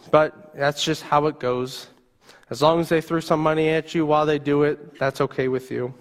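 A male youth pastor delivers a sermon as a vivid second-person story. His voice sits somewhat high for a man. A long reverb rings around him, as in a large hall.

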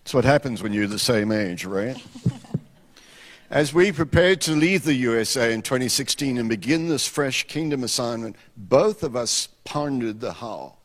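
A man's voice: mid-range voice, animated, normal speed, big-room sound. Man telling a sermon story. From South Africa. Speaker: missionary speaker.

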